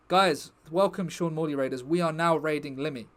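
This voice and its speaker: A man's voice: on the high side, moderate pace, hardly any pauses. Chatty man wrapping up a stream. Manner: chatty, rambling, jokey asides to chat. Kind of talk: casual chat to stream viewers.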